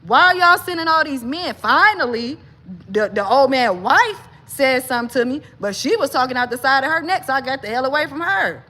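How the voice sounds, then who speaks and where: A woman with a somewhat high voice delivers an emphatic personal monologue to her viewers. She keeps addressing them directly and pushes hard on every point. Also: animated, brisk. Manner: emphatic, talks straight to viewers as y'all; grows agitated and loud, pitch climbing. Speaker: vlogger.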